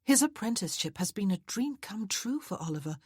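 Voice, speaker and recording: A woman voicing a gentle young duchess who speaks softly. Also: mid-range voice, very animated, fairly quick, husky, no echo, clean studio sound, pitched above the performer's own voice.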